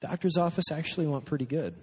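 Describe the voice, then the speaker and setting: A man's voice: a little high, fast talker, darkish tone, breathy edge, big-room sound. A man hosting a podcast, giving a message through humorous, self-deprecating personal stories and acting out what people said. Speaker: youth speaker and podcast host. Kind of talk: storytelling sermon.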